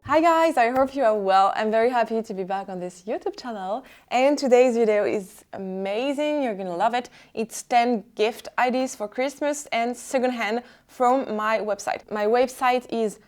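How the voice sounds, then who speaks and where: A woman's voice: a little high, moderate pace, hardly any pauses. A woman in her twenties with a French accent, speaking English as a second language and presenting items in an enthusiastic casual vlog. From France. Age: 20s. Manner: enthusiastic, fond of repeating words, non-native phrasing. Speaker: vlogger selling secondhand luxury goods. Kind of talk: casual product showcase vlog.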